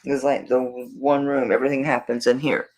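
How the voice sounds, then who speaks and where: A woman's voice: rumbling low, level tone, moderate pace, noisy background. A woman from Florida with a Southern US accent, hosting a live jewelry sale and chatting casually while she rambles and talks to herself as she searches her table. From Tampa, Florida, USA. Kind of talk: casual live-stream selling chat.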